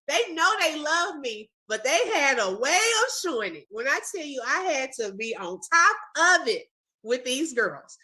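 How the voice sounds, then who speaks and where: A woman's voice: sits high, sharp tone. A woman hosting a casual video-call chat, praising a former student with emotion and often saying "when I tell you". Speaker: host, former teacher.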